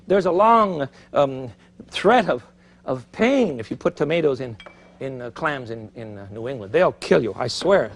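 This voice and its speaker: Lively, chatty man hosting a TV cooking show. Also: high-pitched, slight background noise. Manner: chatty, animated, thinks aloud while cooking. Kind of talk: TV cooking demonstration. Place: TV studio kitchen. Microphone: broadcast mic.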